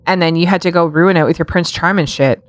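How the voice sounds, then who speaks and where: A woman with a somewhat low voice co-hosts a casual podcast, joking around and laughing often. She swears freely in easy chat. The sound is dry and close, with no room echo. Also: fast talker. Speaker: podcast co-host.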